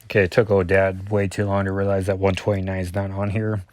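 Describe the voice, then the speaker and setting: A man's voice: low-pitched, monotone, fast, darkish tone. Rambling man reviewing a comic. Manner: rambling, self-correcting, full of fillers. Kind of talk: casual commentary reading through a comic.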